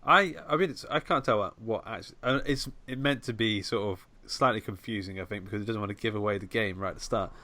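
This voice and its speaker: A man's voice: on the low side, fast, hardly any pauses, bright, forceful tone. A man rambling through a casual podcast chat about a film, with many restarts and fillers. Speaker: podcast co-host.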